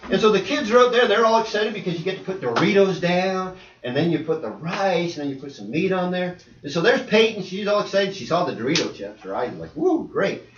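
Male preacher, animated sermon delivery, swooping lively voice; distant, muffled, echoey recording. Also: sits high, fast, few pauses, slight background noise. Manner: animated, acts out voices and dialogue. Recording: echoey hall, distant dull mic.

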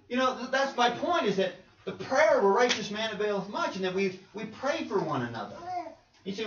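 A man's voice: high-pitched, big pitch swings, a little fast, fairly bright tone, a little hiss or hum. A male pastor preaching a conversational sermon in a church, asking his congregation rhetorical questions. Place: church sanctuary. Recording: roomy, distant, dull church recording.

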